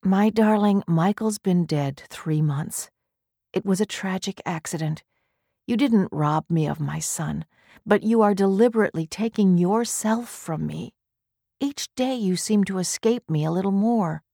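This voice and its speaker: Woman doing a gentle husband, soft, quiet, patient, storybook reading, dry sound. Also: medium pitch, measured pace, gravelly, no room sound.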